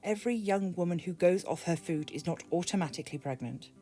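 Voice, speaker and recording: Brief: controlling middle-aged mother, crisp and dismissive, read by a British woman, dark voice. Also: lowish voice, expressive, brisk, faint music behind, close to an everyday voice.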